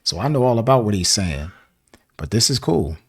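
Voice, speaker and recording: Hosting a music reaction video, a Southern American man rambles casually, laughing and using plenty of fillers. His voice is fairly low and slightly rough, swinging widely in pitch at a moderate pace.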